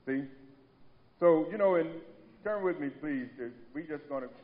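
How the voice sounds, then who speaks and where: A man delivering a sermon in a church, his somewhat high voice ringing out with a long echo through the large hall. He preaches with emphasis and repetition, calling on the congregation to answer him. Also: normal speed, narrow, tinny audio. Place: church sanctuary.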